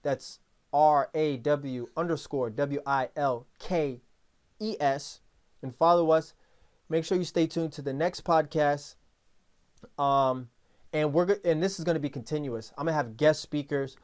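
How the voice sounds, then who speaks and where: A man hosting a podcast in casual talk, telling stories in a rambling, animated way with many restarts. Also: on the high side, measured pace. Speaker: podcast host.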